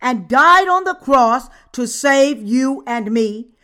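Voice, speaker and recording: Slow, measured woman reading a sermon. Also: sits high, expressive, pushed and bright. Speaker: sermon reader. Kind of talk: read-aloud sermon.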